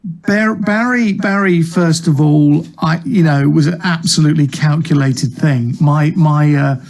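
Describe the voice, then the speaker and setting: A man's voice: fairly high pitch, a little slow, darkish tone. A man, a comic actor, chatting in an interview about his career, self-deprecating and full of restarts, speaking over a video call. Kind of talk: casual interview chat.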